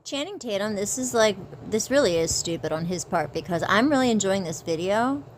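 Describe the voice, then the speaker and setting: A woman's voice: medium pitch, animated, fairly quick, slight background noise, poor audio. A woman co-hosting a commentary show in a lecturing, scolding way. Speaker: co-host. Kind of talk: casual commentary.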